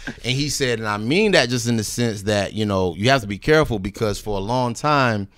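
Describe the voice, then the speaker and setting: A man's voice: medium pitch, expressive, a little fast, a bit bright. A man casually telling a long story on a podcast, swearing freely, acting out the people he quotes and dropping "you know what I mean" asides. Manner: profane, laid-back, acts out quoted people. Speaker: recording artist guest.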